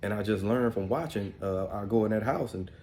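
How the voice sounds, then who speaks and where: A man's voice: fairly low pitch, fairly quick, a little mellow, slight background noise. Laid-back man telling family stories. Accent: African American Vernacular English. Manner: laid-back, rambling, full of "man" and "you know". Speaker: podcast host. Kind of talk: casual storytelling monologue.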